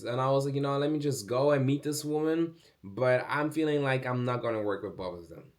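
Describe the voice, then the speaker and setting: A young man telling a casual storytime vlog, chatty with fillers, acting out other people's lines with big jumps in pitch. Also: moderate pace, few pauses. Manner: animated, acts out quoted speech with big pitch jumps; chatty, many fillers like "like" and "bro". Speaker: vlogger.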